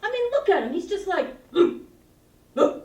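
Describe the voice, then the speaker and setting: In a very high, sing-song, slightly mellow voice at a moderate pace, a woman acts as a lonely, awkward seventh-grade girl. She confides to her camcorder, rambling and giggling self-consciously, and the camcorder mic picks her up from a distance with a roomy sound.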